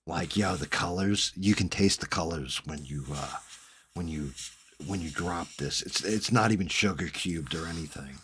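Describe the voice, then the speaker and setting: A man's voice: low voice, a bit bright, slightly rough, pitched below the performer's own voice, full character voice. A man putting on a drawling New Jersey stoner bro. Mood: mocking drawl. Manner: slow drawling bro talk. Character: lazy stoner bro man faking hippie cool.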